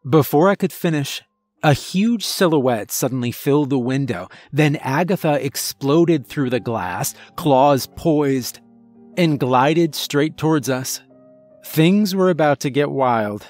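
A man narrating a first-person horror story in a measured, dramatic storytelling manner. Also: fairly high pitch, lively intonation, darkish tone, dry recording, soft background music.

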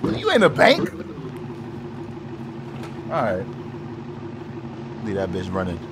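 Excitable, swearing man with a lively voice. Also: sits low. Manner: loud, excitable, profane, quick outbursts. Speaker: gaming YouTuber. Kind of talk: excited gameplay commentary. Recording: noisy game audio behind the voice.

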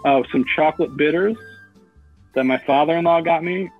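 A man's voice: a little high, moderate pace, soft background music. A man chatting as a comedian guest, offhand and rambling with a self-deprecating edge. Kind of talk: casual chat. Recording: tinny phone-like call audio.

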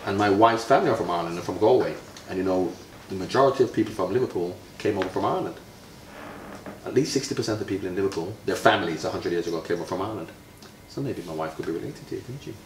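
Deep-voiced man in his fifties, playful and quizzing. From Jamaica. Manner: playful, quizzing, drawn-out emphasis. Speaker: retired footballer, interviewee. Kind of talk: friendly teaching chat with a child. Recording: roomy, from far off, faint noise.

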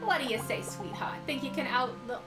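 A woman putting on a brassy, folksy old New York grandmother who runs an antique shop, her voice pitched up high and loud. She tosses out pet names in a lively drawl. The sound is echoey, with music playing behind. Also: brisk. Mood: sassy. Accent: put-on New York.

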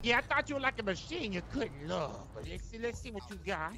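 Woman playing Gladys, bright sassy old woman. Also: mid-range voice, very animated, brisk, faint music behind. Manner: sassy and teasing, drawling slang. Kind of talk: improvised game role-play.

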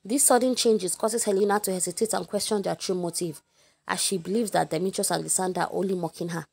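A woman's voice: fairly low pitch, fast, creaky, slightly rough. A young woman with a Nigerian accent giving a chatty, informal lesson summary, talking straight to her listeners. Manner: chatty, animated, addresses listeners directly. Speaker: literature teacher.

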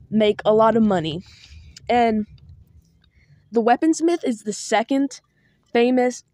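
A woman's voice: a little high, warm tone, dry recording, studio quality. A woman giving a casual spoken guide as a tabletop game master, chatty and meandering with small asides.

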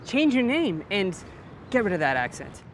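A man's voice: high-pitched, sing-song, normal speed, a bit bright, a little hiss or hum. An actor playing a chatty, overly helpful office assistant who calls people honey and girl. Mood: sassy. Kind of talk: comedy web series acting.

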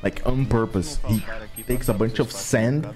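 A man's voice: medium pitch, unhurried, over music. A man commentating his own gameplay with brash, crude trash talk and exasperated rants. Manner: exasperated, ranting.

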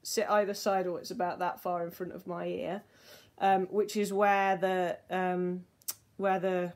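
A woman, a voice teacher gently leading a relaxation and vocal warm-up lesson in a soothing, unhurried way. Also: fairly low pitch, level tone. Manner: gentle, soothing, slow guiding instructions.

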